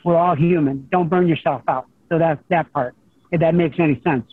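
A middle-aged man, a high school golf coach, talking over the phone in a rambling, humble way with many restarts. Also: moderate pace, breathy edge. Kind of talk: phone interview guest. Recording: tinny phone line.

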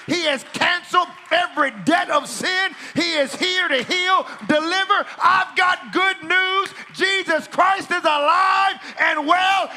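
A man's voice: extremely high pitch, sharp tone. A male preacher delivering a revival sermon in church, calling out and repeating phrases. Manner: calls out, repeats phrases, drops to casual aside. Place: church service with band.

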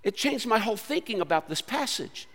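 A man preaching a sermon in an earnest, conversational way that swings between loud lines and hushed ones. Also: high-pitched, very animated, brisk, big-room sound. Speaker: pastor.

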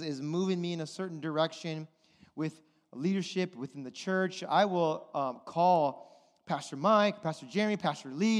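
In a large hall with long reverb, a high-voiced male pastor delivers a sermon. He tells a personal story with animation, acting out the voices of the people in it.

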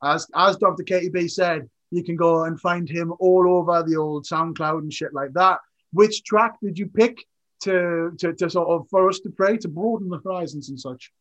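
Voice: mid-range voice, moderate pace, a bit bright, highs cut off. A podcast host with a Geordie accent, laid-back, sweary and jokey in casual chat.

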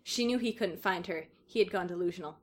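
A woman's voice: lowish voice, a little fast. A woman reads a story aloud on a laid-back comedy podcast. Her delivery is dramatic, and she often breaks into laughter. Between passages she chats casually. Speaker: podcast co-host reading fan fiction aloud. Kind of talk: casual comedic reading and chat.

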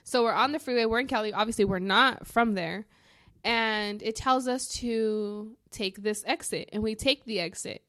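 A woman co-hosting a podcast, telling a story in a casual, profane, animated way. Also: on the high side, normal speed, dry recording. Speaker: podcast co-host.

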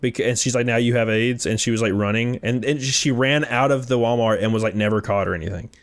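A young man telling stories in casual chat, rambling and animated with lots of fillers. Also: mid-range voice, quick pace.

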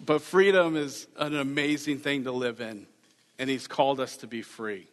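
A man's voice: medium pitch, steady tone, normal speed. A man giving a sermon as a pastor, earnest and conversational, repeating key phrases. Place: church sanctuary. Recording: reverberant church hall.

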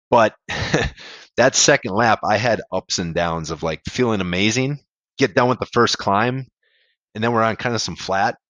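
Low-voiced man telling a candid story. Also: a little slow, fairly bright tone, dry recording. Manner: candid, rambling, swears and laughs at himself. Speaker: podcast guest, amateur ultrarunner. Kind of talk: casual storytelling interview.

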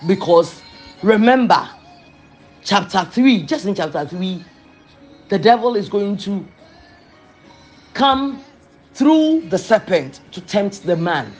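An emphatic preacher delivering a sermon, firing off rhetorical questions and hammering key words again and again. The delivery swings from loud, punchy bursts to quiet, soft asides. Faint music plays softly in the background. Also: mid-range voice, sing-song, slow pace, long pauses.

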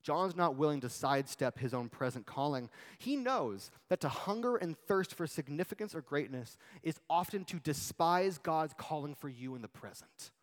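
A man, a youth pastor, preaching a conversational sermon with animated asides and hushed, dramatic quotations. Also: a little high, moderate pace, hardly any pauses, long reverb tail.

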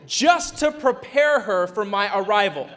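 Pastor, male, very high voice; chatty sermon delivery, acts out quotes, builds to shouts. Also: lively intonation, unhurried. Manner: conversational preaching with playful asides and acted-out quotes.

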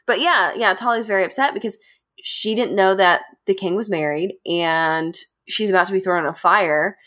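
Brief: woman podcast host, mid-pitched, lively storyteller who laughs often. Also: normal speed. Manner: chatty, animated, laughs often. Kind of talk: casual storytelling to friends.

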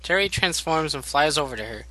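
Bright-voiced young man reading fan news. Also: fairly high pitch, expressive, fairly quick, dry recording. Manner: reads items like a news report, laughing often. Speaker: podcast host reading news.

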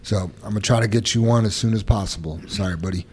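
Low-voiced man hosting a podcast. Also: quick pace, a little hiss or hum. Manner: relaxed, joking, runs the segments. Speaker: podcast host. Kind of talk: casual podcast chat.

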